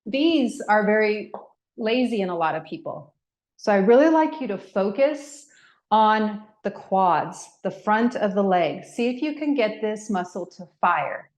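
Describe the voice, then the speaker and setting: Woman fitness instructor, middle-aged, mid-pitched voice, talks slowly through movement cues and rep counts; roomy echo. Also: expressive. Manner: counts reps and gives step-by-step movement cues. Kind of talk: guided workout class. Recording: echoey room.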